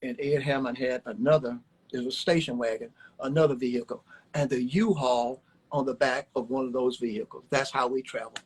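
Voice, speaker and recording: Older husky-voiced man telling stories. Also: mid-range voice, steady tone, brisk, low-quality recording. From Alabama, USA. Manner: folksy, rambling, repeats words, chuckles. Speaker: former baseball player, guest. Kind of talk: storytelling interview chat. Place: home, on a livestream. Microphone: phone on a live video stream.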